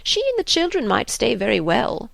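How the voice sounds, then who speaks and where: A woman voicing a fretful, anxious elderly father in an audiobook, slow and sighing. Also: a little high, sing-song, vocal fry, fairly bright tone, no room sound, pitched above the performer's own voice, exaggerated voice.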